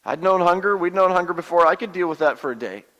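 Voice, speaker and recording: Male pastor as a wary Israelite dad, high voice, church-hall reverb, halting storyteller. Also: lively intonation, fairly bright tone, highs cut off. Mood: reflective. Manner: storytelling, confiding, halting repeats. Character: humble Israelite father, wary, plainspoken. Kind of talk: first-person dramatic monologue.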